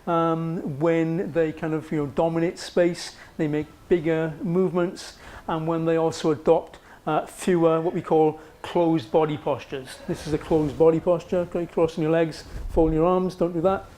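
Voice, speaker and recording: Slightly high-voiced male lecturer. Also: flat delivery, normal speed, warm tone. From Wales. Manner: conversational, frequent "okay" checks and fillers. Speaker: psychology lecturer. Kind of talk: university lecture. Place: lecture room.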